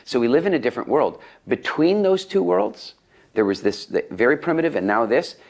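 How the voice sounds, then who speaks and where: A middle-aged man being interviewed, telling stories in a lively conversational way. His voice jumps up when he quotes other people. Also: brisk, creaky. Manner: animated, rises in pitch when quoting others. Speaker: interview guest, speaker and coach.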